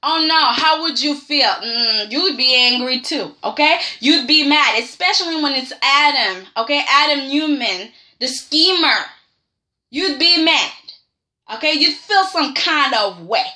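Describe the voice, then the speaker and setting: A woman hosting a casual soap-opera review vlog, animated and sassy, repeatedly pressing her point with "okay?". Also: high voice, measured pace. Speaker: host.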